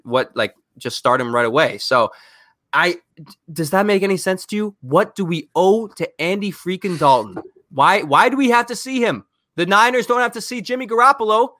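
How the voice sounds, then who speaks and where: A man co-hosting a sports podcast, ranting in an animated, exasperated way and firing off rhetorical questions. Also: on the high side, dry recording, clean studio sound. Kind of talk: heated sports talk.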